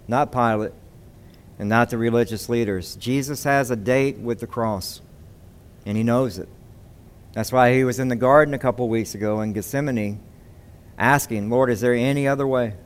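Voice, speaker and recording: A man's voice: medium pitch, clean tone. A man preaching a sermon, reading scripture and asking the congregation rhetorical questions. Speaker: pastor.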